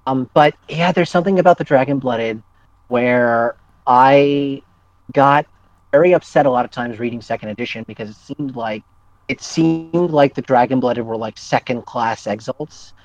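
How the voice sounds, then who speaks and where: A man's voice: medium pitch, moderate pace. A man, a podcast guest, chatting enthusiastically about games, with many ums and restarts. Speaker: podcast guest, game writer. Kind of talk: casual chat about tabletop games. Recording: dry, dull lo-fi mic.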